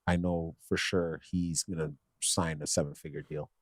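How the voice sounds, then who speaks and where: Interview guest, male, very low voice, calm, matter-of-fact delivery. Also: normal speed, no echo. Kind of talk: casual interview answer.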